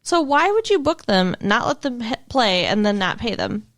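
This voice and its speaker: A woman's voice: on the high side, big pitch swings, moderate pace, no echo. A woman co-hosting a podcast, retelling a TV plot in casual chat, laughing often and swearing bluntly. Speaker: podcast co-host. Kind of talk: casual chat recapping a TV episode.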